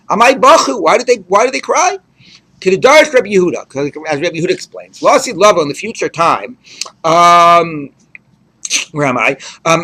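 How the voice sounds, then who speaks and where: High-voiced man teaching Talmud. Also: bright, forceful tone. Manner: conversational, translating Aramaic phrase by phrase, frequent restarts and asides. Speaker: rabbi teaching daily Talmud page. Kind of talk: Talmud study lecture.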